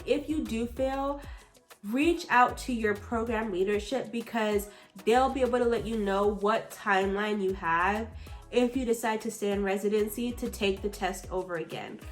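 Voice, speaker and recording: A woman's voice: fairly high pitch, soft background music. A young adult woman, a medical resident, talking candidly and with feeling about a personal setback in a vlog. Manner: candid and emotional, frequent likes and pauses.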